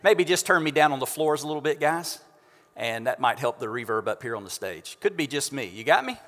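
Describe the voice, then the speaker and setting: A pastor preaching a sermon from a church stage into a microphone, conversational and joking with the congregation. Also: male voice, medium pitch, animated, fairly quick, fairly bright tone. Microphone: stage microphone through house speakers. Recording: long church reverb.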